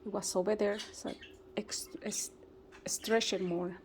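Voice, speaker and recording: A woman's voice: mid-range voice, steady tone, measured pace. A woman vlogging about her pet budgies in casual, often searching for words and talking to the birds. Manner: non-native phrasing, searches for words. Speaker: bird-keeping vlogger. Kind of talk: casual vlog narration and talking to pets. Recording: noisy home recording with budgie chirps.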